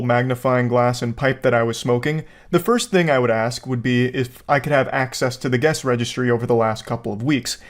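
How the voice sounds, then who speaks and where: Male commentary host, even mid voice, mock-serious rambling delivery. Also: medium pitch. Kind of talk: casual video commentary. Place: Florida home.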